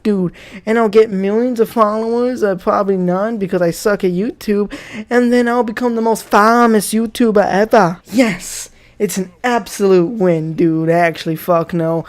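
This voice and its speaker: Here a young YouTuber, whose voice sits high and has a darkish tone, launches into a comedic rant commentary. Profanity and sarcasm run throughout.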